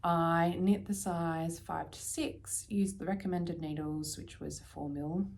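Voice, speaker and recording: An Australian woman vlogging casually about her knitting, chatty and prone to dropping into soft, near-whispered asides. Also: on the low side, steady tone, unhurried, creaky. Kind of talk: casual chat.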